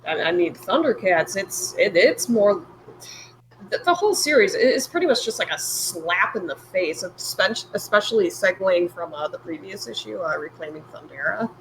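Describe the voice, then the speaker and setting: A woman on a podcast, chatting casually and haltingly with frequent restarts. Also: mid-range voice, animated, a little hiss or hum, rough recording. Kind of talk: casual chat.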